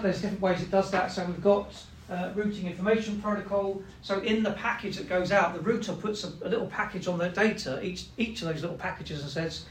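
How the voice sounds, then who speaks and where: A man's voice: sits high, echoey room, a little hiss or hum. A man teaching a classroom lesson, explaining step by step, often checking in with "right?" and acting out what machines say. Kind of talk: classroom lecture.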